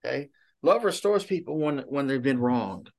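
A man's voice: mid-range voice, lively intonation, normal speed, gravelly. A male pastor giving a conversational sermon, full of rhetorical questions and frequent restarts.

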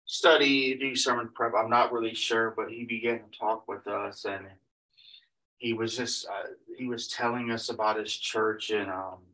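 A man's voice: fairly low pitch, steady tone, moderate pace, bright, forceful tone. Man preacher retelling a story from afar. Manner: rambling, retelling with many repeated "he said" tags and restarts. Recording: voice picked up from a distance.

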